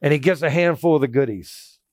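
A man with a high, bright voice preaches with emphatic, animated delivery. His voice is captured close and dry, with almost no room sound around it. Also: brisk, no room sound. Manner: emphatic preaching, quoting scripture in a raised voice. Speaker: pastor. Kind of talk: sermon.

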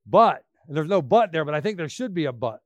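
A man preaching a sermon, emphatic, swinging between loud bursts and quiet asides. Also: on the high side, big pitch swings, fairly quick, no echo.

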